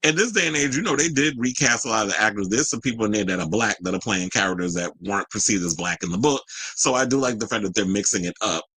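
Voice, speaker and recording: A man's voice: on the low side, expressive, fast talker, pushed and bright, breathy edge, no room sound, rough recording. A young adult man hosting an entertainment news show, giving sassy, chatty pop-culture commentary with slang asides.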